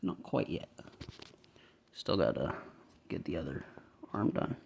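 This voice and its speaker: A man with a low, creaky voice and a light Southern accent relaxedly talks himself through assembling a toy model step by step. He keeps a measured pace, and a little hiss or hum is audible.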